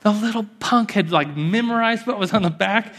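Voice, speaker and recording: A young man preaching a sermon, telling a childhood story with lively acted-out voices and frequent restarts. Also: high voice, moderate pace. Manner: animated, acts out childhood voices, restarts often. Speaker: pastor. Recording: long hall reverb.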